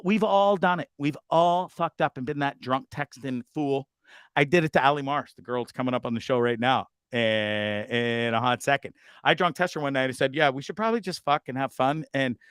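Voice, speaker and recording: A man's voice: on the high side, dry recording. Rambling, confessional male show host. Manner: rambling, confessional, swears a lot, quick swings between loud and muttered. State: fidgety and nervous. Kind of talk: casual live show monologue.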